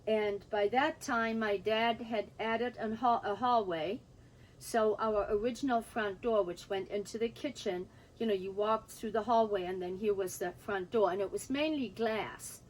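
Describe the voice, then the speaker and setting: An older woman telling a personal story from her childhood, pausing now and then to drink or clear her throat. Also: mid-range voice, steady tone, slight background noise, rough recording. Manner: pauses to drink and clear throat, recounting quoted dialogue.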